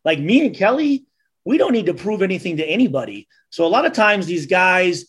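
A man from Michigan, a former football player, telling stories on a casual podcast, acting out the quotes loudly and swearing freely. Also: high voice, sing-song, brisk, slightly rough.

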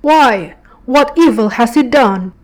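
A man's voice: very high voice, expressive, slow pace, full character voice, low-quality recording. A woman voicing a stern middle-aged male Roman governor during a devotional scripture reading, lifting her voice to declaim. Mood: proclaiming.

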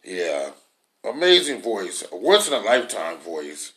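A man co-hosting a casual chat, animated and reactive. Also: on the low side, a little slow. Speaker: co-host.

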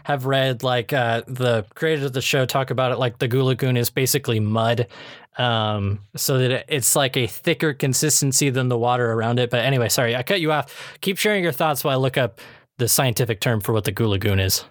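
A man's voice: mid-range voice, brisk, no echo. Chatty male podcast host, dry sound. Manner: chatty, laughs often, many fillers. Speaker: podcast host reviewing episodes. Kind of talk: casual chat.

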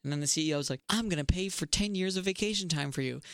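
A man's voice: a little high, rapid-fire, fairly bright tone, clear, resonant tone, dry recording, clean studio sound. A young man in his twenties co-hosting a podcast in casual chat, joking and poking fun at himself. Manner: joking, self-mocking. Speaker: podcast co-host.

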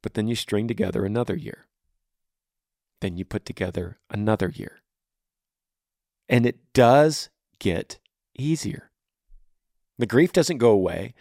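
A man's voice: lowish voice, measured pace, vocal fry, long pauses, a little mellow, dry recording, clean studio sound. A podcast host in his thirties answering a listener's question on grief, blunt and earnest, speaking in repeated rhythmic phrases. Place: home room.

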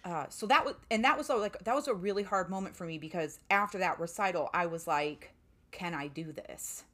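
In a relaxed interview, a woman recounts a personal story, chatting freely and sprinkling in plenty of "like" fillers. Her voice sits at a medium pitch with a fairly bright tone, and she talks fast.

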